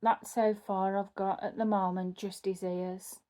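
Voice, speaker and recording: Woman, casual craft vlog chat, unhurried, warm dark tone, self-correcting. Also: medium pitch, level tone. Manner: chatty, thinking aloud, self-correcting. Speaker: cross-stitch vlogger. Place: home.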